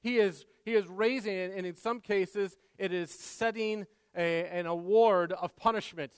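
A man, a father, preaching a sermon in an earnest way, repeating words and moving between soft asides and loud emphasis. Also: high voice, steady tone, a little slow, clean tone, no room sound, in a large hall. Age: adult father. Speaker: pastor.

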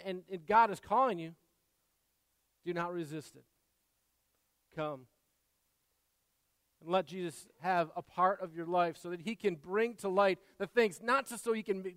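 A man, a father, preaching a sermon in an earnest way, repeating words and moving between soft asides and loud emphasis. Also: high-pitched, clear, resonant tone, no echo, long reverb tail. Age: adult father. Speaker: pastor.

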